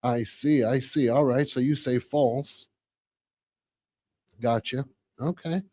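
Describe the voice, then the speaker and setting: A man in his forties hosting a podcast live, chatting casually with viewers, reading comments and repeating phrases excitedly. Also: mid-range voice, slow pace, no room sound. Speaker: podcast host.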